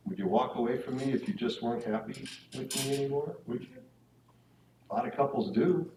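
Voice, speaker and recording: In a church hall or meeting room, a man talks briskly and informally about faith to couples at a parish marriage evening, frequently checking in through tag questions. His mid-range voice has a darkish tone. The distant mic picks up room echo and a little hiss or hum.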